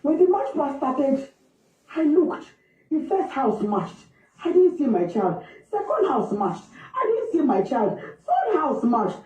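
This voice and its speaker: A Nigerian woman with a mellow, fairly high voice tells her story in a slow, halting, emotional way. She sounds far from the mic, in an echoey room, through a dull, muffled recording. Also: sing-song. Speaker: grieving mother recounting events. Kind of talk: emotional personal account. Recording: distant, echoey, muffled replayed clip.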